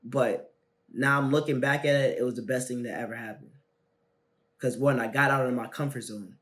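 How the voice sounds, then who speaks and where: At a moderate pace and medium pitch, a young self-help video host relates a personal experience. His casual, slangy delivery is animated, rising to loud bursts and dropping to quiet asides.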